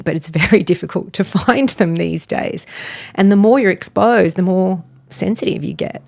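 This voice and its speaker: A middle-aged woman, a wellness author and podcast guest, telling a personal story in an earnest, animated way. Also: lowish voice, normal speed, vocal fry. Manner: earnest, animated, laughs between phrases.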